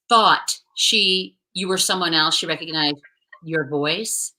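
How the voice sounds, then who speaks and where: A woman hosting a video call interview, asking admiring questions in an unhurried, hesitant way. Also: on the low side, pushed and bright, poor audio. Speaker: interview host. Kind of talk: casual interview.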